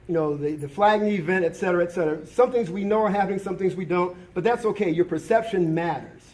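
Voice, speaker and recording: A man's voice: sits high, a little mellow. A man, a college diversity administrator, giving impassioned remarks at a campus forum, emphatic and repeating his key points.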